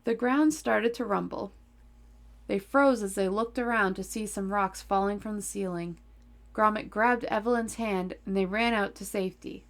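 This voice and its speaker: A woman hosting a podcast, reading a children's story aloud into a desk microphone. Her voice has a gravelly edge, and she breaks off into playful, teasing asides. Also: mid-range voice, normal speed.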